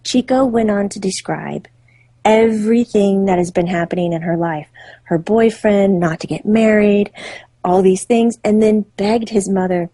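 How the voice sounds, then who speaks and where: A woman's voice: medium pitch, unhurried, warm tone, no echo. A woman being interviewed as a psychic author, telling vivid stories with laughter and acted-out voices. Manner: vivid, acts out quoted voices, laughs often. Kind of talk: animated storytelling in an interview.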